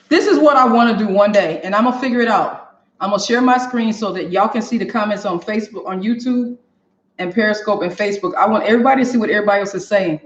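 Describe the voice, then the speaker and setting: In a quick, mid-range voice, a cooking show host leads a live demo from her home kitchen, talking straight to viewers and laughing plenty. The audio sounds dull and lo-fi, with echo from the kitchen.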